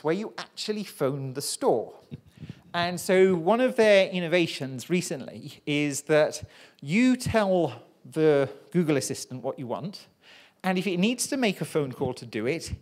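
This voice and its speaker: Presenter at a pub science night, chatty and self-deprecating, mid-pitched voice. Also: very animated, normal speed, a little mellow. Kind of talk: public science talk. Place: live pub science event.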